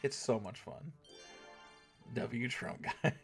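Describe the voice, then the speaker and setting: A man hosting a gaming stream and chatting casually with his viewers in a middle-pitched voice. He rambles, curses easily and keeps tagging his points with "right?". Faint music plays under him. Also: slow pace, husky. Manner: loose, rambling, swears freely and keeps asking "right?". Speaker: gaming livestream host. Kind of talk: casual chat with a live audience.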